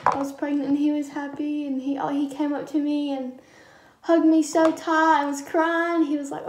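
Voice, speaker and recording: A woman's voice: sits high, flat delivery, moderate pace, roomy sound. A young woman vlogger chatting casually as she tells a personal story, with lots of ums and quoted dialogue. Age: young adult.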